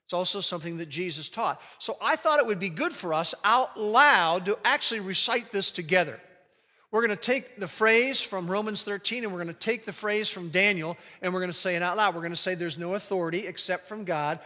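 A man preaching a sermon as pastor, leading the congregation in reciting a phrase together and slowing down to stress key words. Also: high-pitched, pushed and bright, big-room sound. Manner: leads congregation in call-and-response recitation.

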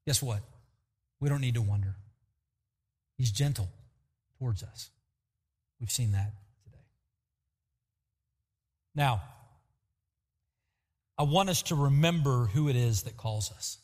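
A man preaching a sermon as pastor, lively and acting out quotes to make his points. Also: medium pitch, slow, pauses often. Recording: long hall reverb.

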